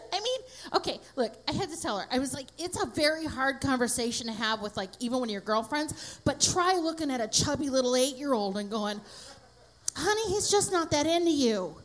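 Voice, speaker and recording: Brash high-voiced woman comic. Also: normal speed. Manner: brash, profane, deadpan crowd work. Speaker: stand-up comedian. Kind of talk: stand-up comedy set.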